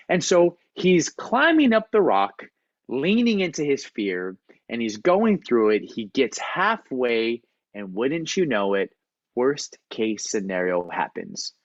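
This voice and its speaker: Animated male coach telling a story. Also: mid-range voice, no echo, highs cut off. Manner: storytelling, animated, acts out quotes. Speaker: performance coach, guest speaker. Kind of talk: motivational talk on a video call. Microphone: video call.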